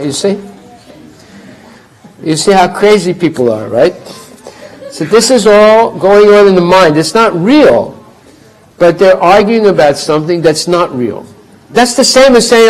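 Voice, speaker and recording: High-pitched guy teaching a class, animated, does voices, chuckles. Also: unhurried, pauses often, poor audio. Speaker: spiritual teacher. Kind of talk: storytelling class talk.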